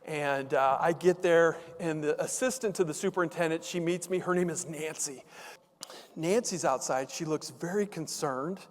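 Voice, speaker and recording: A man's voice: fairly high pitch, normal speed. A man, a motivational keynote speaker, telling a humorous story on stage with playful asides to the audience, on a stage mic in a large hall. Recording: reverberant conference hall.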